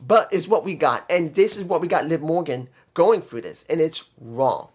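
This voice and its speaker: Opinionated man in his fifties, higher voice. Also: moderate pace, husky. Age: 50s. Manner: opinionated, rambling, frustrated asides. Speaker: wrestling commentary vlogger. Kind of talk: casual opinion review.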